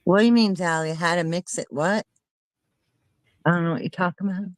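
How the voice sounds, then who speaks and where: A woman's voice: on the low side, a little fast, no room sound, rough recording. A woman hosting a casual chat with friends, talking in an indignant, emphatic way.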